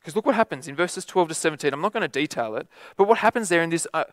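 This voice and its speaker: Aussie preacher guy, chatty sermon, lots of "doesn't he?", fairly high voice, dry sound. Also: lively intonation, racing, no echo. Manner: conversational, rhetorical tag questions.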